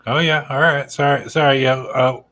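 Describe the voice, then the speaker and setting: A man's voice: mid-range voice, fairly even intonation, moderate pace, sharp tone. A man playing a tabletop game, talking in a playful, folksy, mock-apologetic way. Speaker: player.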